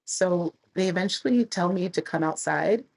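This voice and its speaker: A woman in her thirties, a travel creator telling stories casually and animatedly, with a husky voice. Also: lowish voice, normal speed, poor audio. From United States. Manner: animated, chatty storyteller who laughs and acts out quotes. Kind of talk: casual storytelling to camera.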